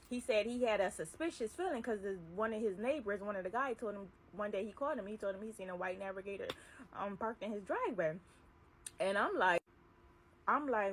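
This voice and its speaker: A young adult woman vlogger telling a personal story casually, acting out the dialogue in an animated way. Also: medium pitch, a little fast, breathy edge. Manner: animated retelling, acts out dialogue. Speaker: vlogger, delivery driver.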